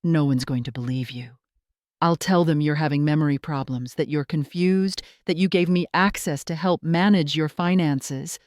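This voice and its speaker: A woman voicing an angry adult daughter who shouts and then pleads, in scripted storytelling narration. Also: low voice, steady tone, moderate pace, dry recording, clean studio sound, voice pushed down, close to an everyday voice. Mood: scornful.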